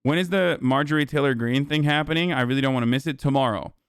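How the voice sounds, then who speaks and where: A young man streaming, chatting with his audience in a profane, mocking way and breaking into loud laughs. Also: medium pitch, quick pace, smooth, no room sound, studio quality. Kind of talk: casual livestream chat.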